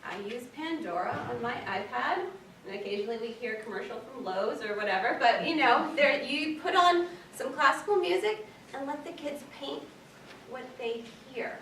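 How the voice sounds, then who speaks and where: A woman's voice: sits high, normal speed. Chatty woman librarian in echoey room. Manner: chatty, animated, lots of fillers like "um" and "like". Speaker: children's librarian presenting at a workshop. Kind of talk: casual workshop presentation. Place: meeting room at a public library. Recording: echoey room, distant mic, faint noise.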